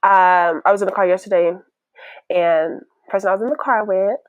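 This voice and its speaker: A young woman hosting a podcast in casual chat, lively and quick to laugh, acting out what other people said. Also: mid-range voice, no echo, phone-quality sound. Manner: animated, laughs often, acts out what others said. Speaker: podcast host. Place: indoors, with family nearby.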